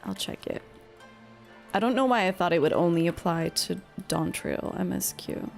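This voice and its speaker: A woman's voice: fairly low pitch, normal speed, vocal fry, soft background music. Chatty, foul-mouthed young woman streamer. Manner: chatty, swears freely, answers chat. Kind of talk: casual gaming commentary.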